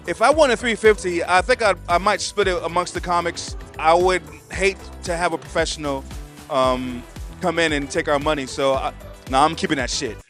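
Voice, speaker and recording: A male comedian chatting casually in an interview, relaxed and self-deprecating. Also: on the high side, normal speed, faint music behind.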